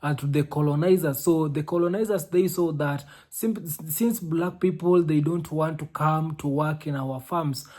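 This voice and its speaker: A man's voice: fairly high pitch, normal speed, few pauses, warm tone. Man explaining in repetitive commentary. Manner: explanatory, repeats phrases, frequent hesitations. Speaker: commentary host. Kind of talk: reaction commentary.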